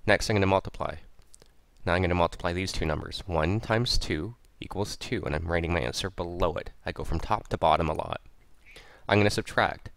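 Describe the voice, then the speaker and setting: Low gravelly-voiced man teaching. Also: a little fast, fairly bright tone, dry recording. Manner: patient, repeats steps aloud while writing. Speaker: math teacher. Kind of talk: step-by-step tutorial explanation. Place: at a computer, recording a screen lesson.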